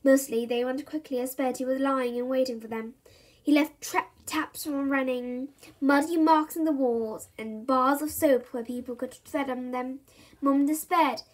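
A woman reads a children's chapter book aloud in a high voice. Her narration is expressive and playful, and it leans into the dramatic beats. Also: unhurried. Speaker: reader.

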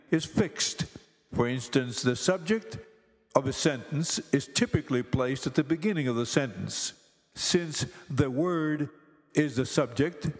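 Slow, deliberate male teacher. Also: medium pitch. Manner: slow, deliberate, careful pronunciation. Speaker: Greek language teacher. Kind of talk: slow scripted lesson narration. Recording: long hall reverb with faint music.

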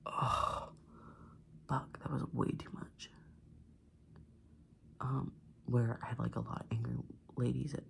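Mostly in an unvoiced whisper, an ASMR creator in his twenties vents chattily as he applies makeup, dropping swear words and plenty of "like." His voice sits at medium pitch with a creaky texture.

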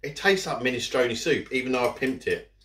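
A man's voice: medium pitch, lively intonation, a little fast, a bit bright. A man chatting casually while eating in a food vlog, rambling with his mouth full. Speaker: food vlogger. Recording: echoey room. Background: cutlery and dishes.

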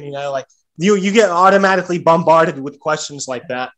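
A man's voice: on the high side, a little fast, a bit bright. A young American man on a podcast, casually rambling with frequent restarts and "like" fillers. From United States. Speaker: guest, serving legionnaire.

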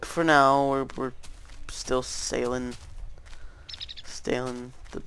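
Young male gameplay commentator, leisurely pace, creaky voice, hesitant and rambling. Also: medium pitch, little pitch movement, takes it slowly, noisy background. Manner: rambling, hesitant, many fillers and restarts. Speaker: gaming YouTuber.

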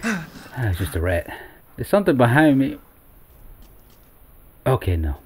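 A man's voice: mid-range voice, wildly swooping pitch, unhurried, a little mellow, slight background noise. A young man playing a horror game, exclaiming and talking to his viewers as he goes. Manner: jumpy, exclaiming, talks to viewers as Wolfpack. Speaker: gaming YouTuber. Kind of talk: let's-play commentary.

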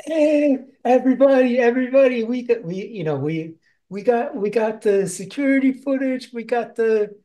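A man voicing a manic, excitable woman militant who gleefully taunts others. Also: normal speed, low-quality recording. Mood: excited. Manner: high shrill taunting put-on voice.

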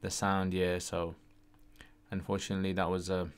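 In a completely flat delivery, a man answers questions on his casual livestream Q&A, chatting away and frequently adding "yeah?" to his sentences. His low-pitched voice is clear and resonant, at a normal speed.

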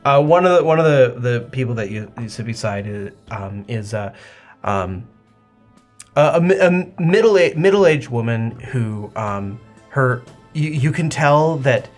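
A man running a tabletop game, describing the scene in a halting, descriptive way. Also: mid-range voice, animated, faint music behind. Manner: halting, descriptive narration with many restarts. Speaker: game master.

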